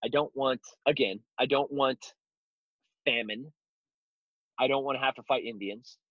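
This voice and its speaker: An unhurried man with a medium-pitched voice, a self-defense instructor being interviewed as a guest, tells stories bluntly and throws in mocking asides. The casual talk is on a dry, dull lo-fi recording.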